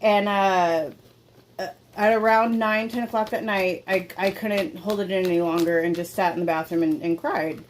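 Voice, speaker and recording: A woman's voice: medium pitch, fairly even intonation, normal speed, slight background noise. A young woman talks through a casual podcast episode from a room at home. She rambles with many fillers and curses freely, candid and unpolished. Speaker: podcast host. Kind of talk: casual confessional podcast monologue.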